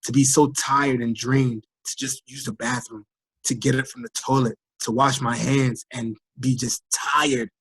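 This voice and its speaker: Husky man in his thirties from Trinidad, worn out by illness, animated storyteller, dry close sound. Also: medium pitch, measured pace, no echo. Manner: animated storyteller, acts out quoted voices. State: fatigued, recovering from illness. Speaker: guest, firefighter recovering from illness. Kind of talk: casual interview over a call.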